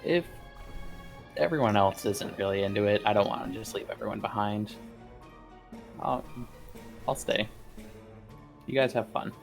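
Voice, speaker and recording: A man's voice: lowish voice, measured pace, vocal fry, pauses often, faint music behind. A man playing a tabletop game, hesitant and agreeable. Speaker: player. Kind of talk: tabletop role-play chat.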